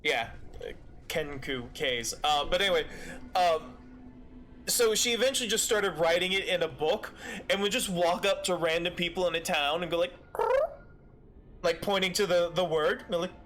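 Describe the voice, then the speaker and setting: A man's voice: high-pitched, moderate pace, a bit bright. A man streaming a game, chatting casually in a rambling way with many fillers. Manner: rambling, lots of fillers and restarts. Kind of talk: casual chat while gaming.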